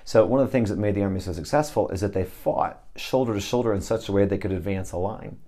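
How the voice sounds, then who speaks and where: Deep, mellow-voiced man telling stories. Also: fast. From Texas. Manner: earnest, storytelling with scripture quotes. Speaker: ministry leader, guest. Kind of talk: interview answers, preaching tone.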